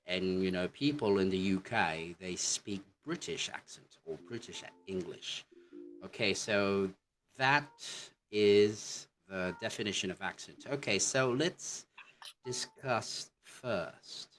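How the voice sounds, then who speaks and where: A man with a very low voice teaches an English lesson, moving through his slides at an unhurried pace. He keeps pausing to restart his points with "okay, so". A faint hiss sits under the recording. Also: fairly bright tone. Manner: slow, halting explanations with many "okay, so".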